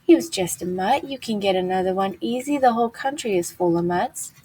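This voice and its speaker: A woman's voice: medium pitch, brisk, warm tone, slight background noise, close to an everyday voice, poor audio. A woman reading aloud as a lonely young ranch wife who speaks in a coaxing, chatty way.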